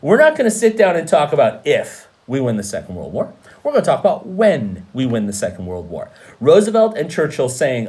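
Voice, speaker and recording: Animated man lecturing on history. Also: fairly high pitch, fairly quick. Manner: animated, conversational, emphatic asides. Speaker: history teacher.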